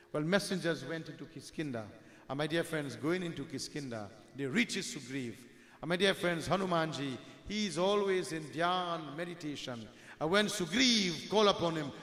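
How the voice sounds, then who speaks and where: A man's voice: a little high, expressive, moderate pace, a bit bright. A man telling a devotional story as a sermon, calling listeners his dear friends and mixing in Hindi devotional words. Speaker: religious storyteller. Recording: echoey hall with long reverb.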